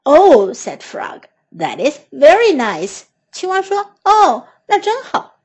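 A woman's voice: high voice, huge pitch swings, slow, a little mellow, heavily acted. A woman voicing a kindly, helpful male frog in a children's storybook, cheerful and eager, with a Mandarin Chinese accent. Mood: friendly.

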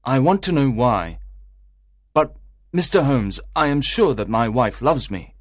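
A man playing a worried, earnest middle-aged merchant in an audiobook drama, telling his story in a measured way. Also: medium pitch, very animated, dry recording, studio quality.

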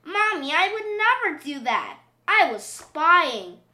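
A woman's voice: very high-pitched, big pitch swings, slow, bright, forceful tone, pitched above the performer's own voice, full character voice. A woman voicing a spirited, cheeky little girl pig in a storybook reading, sly and self-assured. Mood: excited, sly. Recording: roomy echo.

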